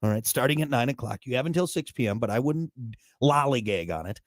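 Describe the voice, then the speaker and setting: A man's voice: medium pitch, lively intonation, fast talker, no echo. Man, radio host, thirties, casual joking banter, dry close studio sound. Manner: joking, rambling, self-mocking.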